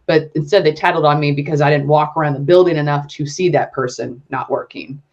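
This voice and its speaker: A woman's voice: sits low, fairly even intonation, quick pace, darkish tone, highs cut off. A woman guest on a podcast, talking candidly and ramblingly with lots of fillers and casual swearing. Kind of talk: casual conversational interview.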